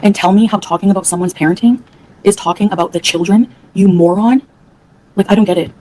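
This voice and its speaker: A woman's voice: mid-range voice, brisk, dark tone, rough recording. A woman from Canada ranting angrily on a livestream, profane and heated, answering her chat. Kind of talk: angry livestream rant.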